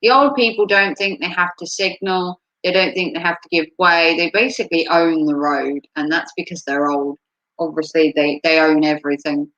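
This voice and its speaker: A woman chatting casually on a live stream, rambling and filling pauses with frequent ums. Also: low voice, steady tone, fairly bright tone, lo-fi sound. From United States.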